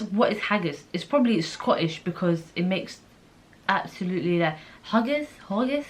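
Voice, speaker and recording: A woman's voice: medium pitch, fairly bright tone. A woman from the Netherlands vlogging casually, chatty and incredulous as she thinks aloud and reads quiz questions out. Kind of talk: casual chat while taking an online quiz.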